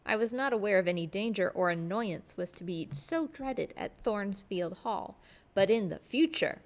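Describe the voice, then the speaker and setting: A woman reading aloud as an earnest, sharp-spoken young governess. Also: medium pitch, expressive, normal speed, close to an everyday voice.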